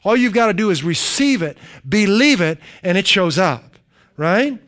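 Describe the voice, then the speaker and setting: A man preaching with a notably high voice. He is emphatic and repetitive, and he leads the congregation through spoken declarations in call-and-response. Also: sing-song, moderate pace, a bit bright. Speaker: pastor. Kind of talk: sermon.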